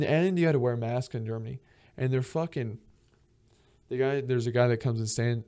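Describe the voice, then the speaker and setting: Young man telling profane travel stories. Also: mid-range voice. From Georgia, US. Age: young adult. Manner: profane, animated, acts out quoted people. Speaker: podcast host. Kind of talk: casual storytelling monologue.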